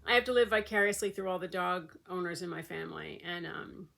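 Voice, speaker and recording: A woman's voice: on the low side, brisk, creaky, fairly bright tone. A woman vlogger talking in a casual, rambling way with many fillers. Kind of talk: casual chat.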